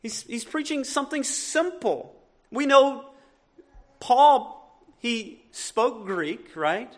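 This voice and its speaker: A man's voice: very high voice, slow. A man with a Southern US accent preaching a sermon as a pastor, earnest and emphatic, often restarting his sentences.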